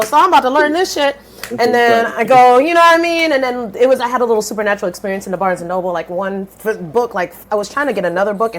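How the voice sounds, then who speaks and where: A woman in her thirties, a podcast guest telling her story in a lively, blunt way, swearing casually and switching voices when she quotes people. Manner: animated, swings pitch widely when quoting others.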